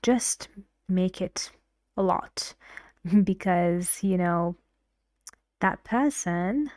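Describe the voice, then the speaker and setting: A woman's voice: on the low side, very slow, darkish tone, no room sound, studio quality. A woman teaching a lesson, patiently explaining intonation step by step with spoken examples. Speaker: English teacher. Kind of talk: slow, careful lesson narration.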